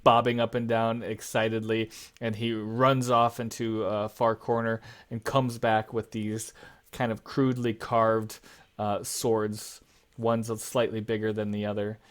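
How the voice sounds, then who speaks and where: A man's voice: on the low side, level tone, unhurried. A man narrating a tabletop game as game master, casual with frequent fillers.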